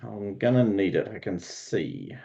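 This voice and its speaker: A man's voice: fairly low pitch, very animated, a little slow, creaky, warm tone, dull audio, full character voice. A man voicing a hungover, dashing nobleman who talks in a demanding, lordly way.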